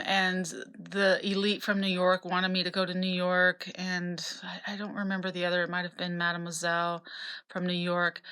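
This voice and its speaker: A woman in her fifties from Utah tells her life story in a loose, candid way. Her voice sits a little low but rings bright and smooth, and she wanders through her memories with fillers and restarts. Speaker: memoir narrator. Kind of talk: casual personal storytelling.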